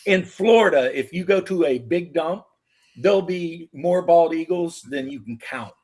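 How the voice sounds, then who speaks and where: A man's voice: fairly high pitch, measured pace. An American man telling stories in loose, profane casual chat. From United States. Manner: animated storytelling, swearing. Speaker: podcast host.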